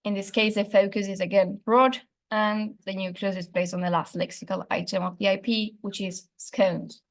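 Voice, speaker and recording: A young woman talks through her assignment in a measured, methodical way, as if from prepared notes. She explains point by point in the manner of a student presenting coursework. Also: medium pitch, little pitch movement.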